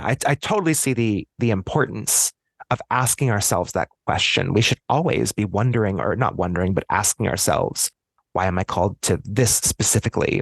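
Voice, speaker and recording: A man's voice: lowish voice, dry recording, clean studio sound. An American man speaking as a podcast guest in a casual discussion. He thinks aloud, chats freely and often restarts his sentences.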